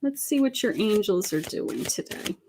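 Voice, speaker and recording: A middle-aged woman giving live tarot readings as a psychic medium, talking in a halting way with many fillers and calling viewers sweetheart and honey. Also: medium pitch, animated, background noise. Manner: slow, halting, with many fillers and terms of endearment. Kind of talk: live-stream card reading.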